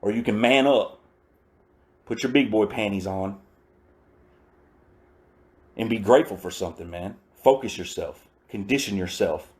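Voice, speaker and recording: A man's voice: on the low side, unhurried, pauses often, darkish tone. Man telling his recovery story. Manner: casual, slangy storytelling; emphatic and repetitive. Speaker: recovering addict giving testimony. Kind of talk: personal recovery testimony.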